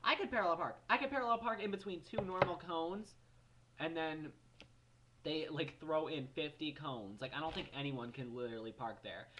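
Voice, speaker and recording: A man's voice: a little high, moderate pace, noisy background. A seventeen-year-old young man from New Jersey, ranting animatedly and profanely in a casual vlog. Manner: animated, profane, exasperated storytelling. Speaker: vlogger.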